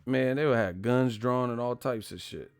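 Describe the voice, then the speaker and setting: A man's voice: medium pitch, moderate pace, clean tone, no echo, faint music behind. A man hosting a boxing live stream, talking casually and profanely, retelling stories with acted-out quotes. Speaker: boxing channel host.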